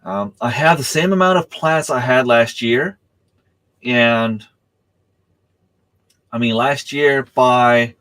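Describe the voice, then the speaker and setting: A man's voice: medium pitch, fairly bright tone, no room sound. A middle-aged man, hosting a casual livestream chat, rambling with many fillers and restarts while he has the hiccups. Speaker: livestream host.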